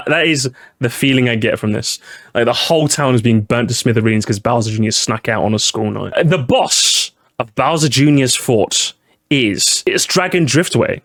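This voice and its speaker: A young man streaming as he ranks video game music, excitable and sarcastic, with frequent swearing. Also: mid-range voice, normal speed.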